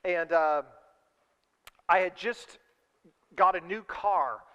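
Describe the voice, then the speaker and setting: Middle-aged male pastor, high and smooth, animated storyteller in a sermon, long reverb. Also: slow, muffled recording. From California. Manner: animated storyteller, acts out his own voice.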